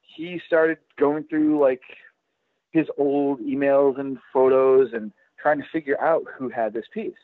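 A man, a guest collector, chatting casually on a podcast in a halting way, full of restarts and fillers. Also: medium pitch, steady tone, no room sound. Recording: tinny, dry phone line.

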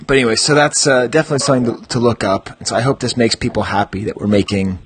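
A man's voice: medium pitch, steady tone, very fast. A man hosting a podcast, chatting and reading descriptions aloud with amused mock gravity. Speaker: podcast host.

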